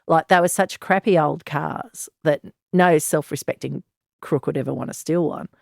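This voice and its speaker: A woman's voice: low-pitched, normal speed, gravelly, no echo, clean studio sound. An Australian woman in her sixties, a former detective, telling her story frankly and bluntly in an interview. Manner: frank, blunt, earthy, with sighs and laughs. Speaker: former police detective, guest.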